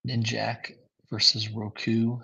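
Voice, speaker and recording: A man's voice: fairly low pitch, completely flat delivery, slow, creaky, pushed and bright, husky, muffled recording. A tired man giving a casual, rambling livestream review of new comics, with lots of fillers. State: tired, yawning.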